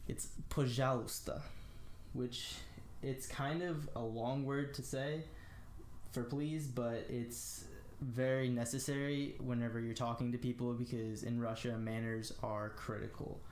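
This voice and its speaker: A young American man giving a casual spoken language lesson, slowly demonstrating phrases with lots of "uh" and "um". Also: mid-range voice, flat delivery, darkish tone, roomy sound, slight background noise. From United States. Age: young adult. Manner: slow, careful demonstration of phrases with frequent fillers. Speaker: language tutor.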